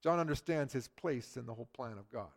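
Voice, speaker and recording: A middle-aged man preaching a sermon, who swings from loud emphasis to a hushed near-whisper. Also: medium pitch, brisk, creaky. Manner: acts out quoted people in lively voices. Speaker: pastor.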